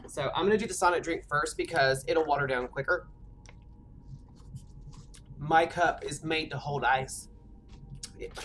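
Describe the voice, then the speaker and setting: A woman with a low, deep voice talks casually while she streams a game at home. She rambles and chats on, often filling gaps with "like", and faint noise hangs under her voice. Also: fairly bright tone. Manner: chatty, rambling, full of "like" fillers. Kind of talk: casual chat while gaming.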